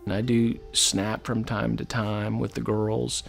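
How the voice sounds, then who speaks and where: A man talks slowly and reflectively as a husband and father, his low voice roughened by a gravelly fry. He pauses often and speaks in a measured way. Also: little pitch movement, soft background music. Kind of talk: personal testimony.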